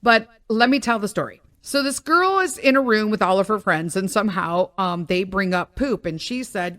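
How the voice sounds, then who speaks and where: A middle-aged woman hosting a podcast, telling a story in a rambling, animated way full of tangents. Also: medium pitch, moderate pace, few pauses, dry recording, clean studio sound. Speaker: podcast host. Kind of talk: casual storytelling monologue.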